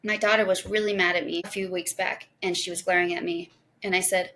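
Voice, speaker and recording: A woman in her thirties hosting a podcast, talking through parenting advice in an earnest, gentle, casual way. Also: fairly low pitch, fairly even intonation, brisk. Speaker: podcast host.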